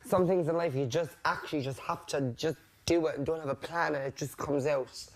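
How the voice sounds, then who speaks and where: A man's voice: on the high side, fairly quick. A man housemate in a casual heart-to-heart, blunt and reassuring, swearing freely. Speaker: reality show housemate.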